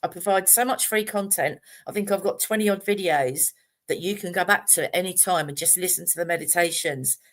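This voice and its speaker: A woman's voice: lowish voice, a little fast. A middle-aged woman, talking casually and chattily about meditation on a live stream, rambling with fillers and restarts. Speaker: meditation teacher.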